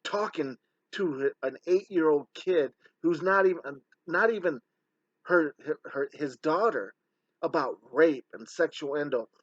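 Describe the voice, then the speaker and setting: A man's voice: a little high, unhurried, no room sound. A man giving a heated, scornful commentary voice-over as an online scam exposer, with a dull, slightly lo-fi recording.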